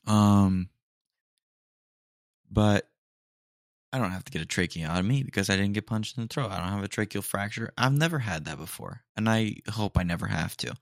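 A young man hosting a podcast, chatting casually and rambling, his voice a little hoarse. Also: lowish voice, normal speed, pauses often, dry recording, studio quality. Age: young adult. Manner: rambling, relaxed, many fillers. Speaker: podcast host. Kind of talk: casual solo chat.

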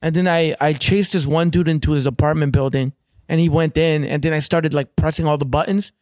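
A man from Canada telling a wild story in casual, profane chat, animated and acting out other people's voices. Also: fairly high pitch, a little fast, no echo, studio quality.

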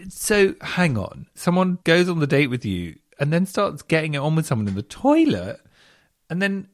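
A man hosting a radio show, reading out listener stories in casual chat, camp and animated, swooping up into exclamations. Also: on the high side, normal speed, no room sound, studio quality.

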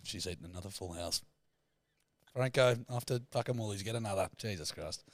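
A man's voice: on the low side, a little fast, dry recording, studio quality. A man co-hosting a podcast in casual chat, teasing and swearing freely as he banters. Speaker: podcast co-host.

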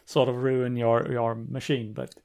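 A man's voice: mid-range voice, level tone, unhurried, vocal fry, a little mellow, clear, resonant tone. A man co-hosting a casual podcast chat, mostly agreeing briefly and adding dry jokes. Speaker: podcast co-host.

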